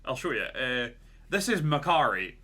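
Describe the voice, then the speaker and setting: A male podcast co-host telling a long story in loose, casual chat. His voice is bright and forceful, in a middle pitch range. He rambles and leans on fillers like "like" and "right?". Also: very animated, normal speed.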